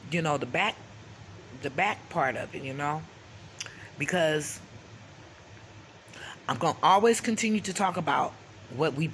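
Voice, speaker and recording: Low-pitched and a bit bright, with a slight hiss or hum, this is a middle-aged woman talking to camera on her own vlog. She vents her anger openly, curses freely, speaks bluntly, and repeatedly asks "okay?"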